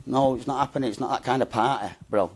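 Talking fast in a medium-pitched voice, this man recounts his story as an interview guest, rambling, using slang and leaning repeatedly on "mate" and "do you know what I mean." There's slight background noise.

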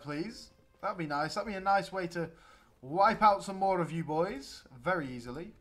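Young man, gaming commentary, animated, fairly high voice, excitable. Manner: excitable, chatty, talks to the game units. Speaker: let's play gamer. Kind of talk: gameplay commentary.

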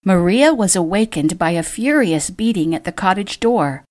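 A woman, the author, narrating her own novel in a measured, expressive audiobook reading. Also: mid-range voice.

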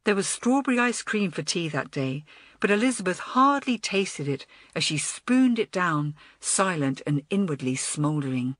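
Husky woman reading a children's story. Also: lowish voice, expressive, moderate pace, a bit bright, no echo. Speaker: audiobook reader. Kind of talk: storybook narration.

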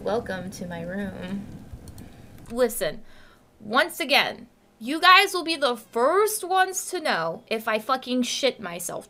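A woman's voice: a little high, bright, forceful tone. A woman live streamer in casual chat with her viewers, cursing through crude mock rants.

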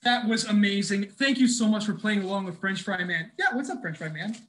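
A man playing an excitable big brother in an interactive children's musical, cheering on and coaching the kids as he talks to them. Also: sits high, fairly quick, rough recording. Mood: playful. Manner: bubbly, encouraging, talks straight to the kids. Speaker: stage performer leading children. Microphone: video call.

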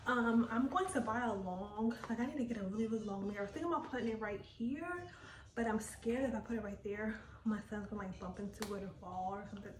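A woman's voice: medium pitch, fast talker, slight background noise, low-quality recording. A woman in her thirties chatting casually to her viewers in a rambling vlog. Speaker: lifestyle vlogger.

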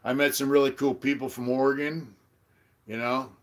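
A middle-aged man hosting a casual live-stream chat, telling a profane story and loudly acting out what others said. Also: mid-range voice, flat delivery, normal speed. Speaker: channel host.

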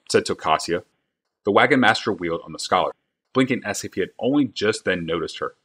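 A man's voice: low-pitched, expressive, brisk, a bit bright, slightly rough. A man reading a fantasy novel aloud on a live stream, narrating evenly and unhurriedly.

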